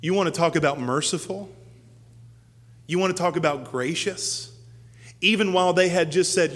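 A man giving a sermon as a pastor, his voice climbing to high, loud peaks and then dropping low and quiet, acting out the quoted speech of the story's characters. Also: normal speed, long pauses, in a large hall.

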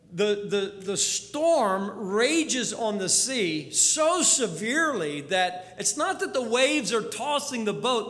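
High bright-voiced preacher in a reverberant hall. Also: male voice. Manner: storytelling, swings from hushed to urgent. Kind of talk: sermon.

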